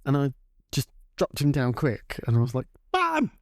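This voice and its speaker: A man, co-hosting a podcast and telling a childhood story in an animated, chatty way. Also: moderate pace, no echo, studio quality. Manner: animated, acts out voices with big pitch jumps. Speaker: podcast co-host. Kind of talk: casual storytelling chat.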